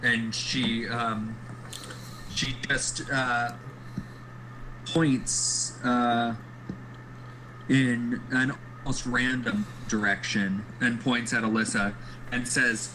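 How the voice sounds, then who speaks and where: A man narrating part of an online tabletop game, halting with many fillers. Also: medium pitch, steady tone, sharp tone, slight background noise, rough recording.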